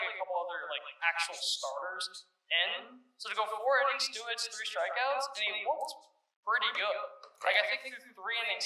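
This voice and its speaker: A man's voice: sits high, pushed and bright, echoey room, recorded from a distance, poor audio. A man co-hosting a sports podcast, chatting casually and rambling with lots of fillers and self-corrections. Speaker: podcast co-host.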